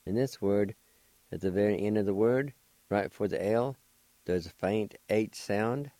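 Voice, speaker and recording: An older man giving a slow, patient pronunciation lesson on the radio, spelling words letter by letter and repeating each syllable. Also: lowish voice, mellow, no room sound. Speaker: language teacher and radio host.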